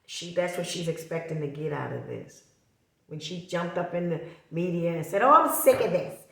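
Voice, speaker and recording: A middle-aged woman speaks to her viewers in a gravelly voice, impassioned and accusing, circling back to her points again and again. The sound rings around an echoey room. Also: lowish voice. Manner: impassioned, accusatory, repeats herself. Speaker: vlogger. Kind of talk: emotional direct-to-camera talk.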